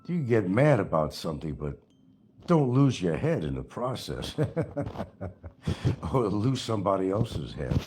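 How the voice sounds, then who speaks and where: A man's voice: sits low, sing-song, a little slow, long pauses, a little mellow, faint music behind. An older man hosting a casual livestream, rambling and sarcastic with frequent chuckles. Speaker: livestream host.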